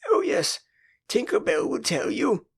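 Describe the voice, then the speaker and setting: A man's voice: sits high, very animated, a little slow, creaky, husky, exaggerated voice. An older man with an English accent voicing a prim, earnest, motherly young girl in an audiobook. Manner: prim, emphatic. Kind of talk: audiobook character voice.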